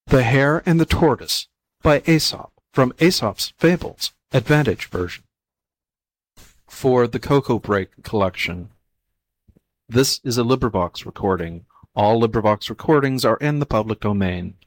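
A man's voice: mid-range voice, animated, measured pace, no echo. A man reading the formal introduction to an audiobook recording. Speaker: audiobook reader.

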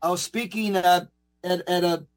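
High-voiced earnest male storyteller. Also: steady tone. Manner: earnest, halting storyteller with many restarts. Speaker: Catholic speaker and co-host. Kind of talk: storytelling in casual talk.

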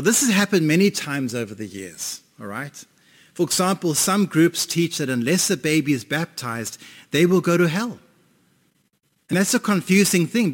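A man's voice: fairly high pitch, very animated, normal speed. A male pastor preaching a sermon, emphatic, often asking the audience questions. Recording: long reverb in a hall.

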